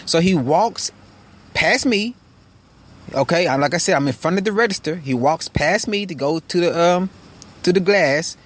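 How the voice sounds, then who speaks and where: A man with a slightly raised voice tells a personal story in a loose, casual monologue. His delivery is frank and animated, and he swears freely. He is recording from inside a car. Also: a little high, moderate pace. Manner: frank, profane, animated retelling. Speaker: podcast host.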